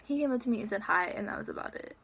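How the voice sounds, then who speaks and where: An eighteen-year-old woman casually telling a story on her vlog, chatty and animated as she acts out what was said. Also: a little high, very fast, husky. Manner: chatty, animated retelling with quoted dialogue. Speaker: vlogger.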